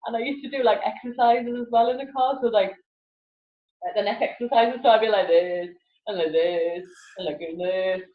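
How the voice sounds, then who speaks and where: A woman's voice: medium pitch, fairly even intonation, normal speed. A woman, a guest in a casual interview chat who laughs often and acts out voices animatedly. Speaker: guest, laughter yoga teacher. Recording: echoey, phone-like lo-fi audio.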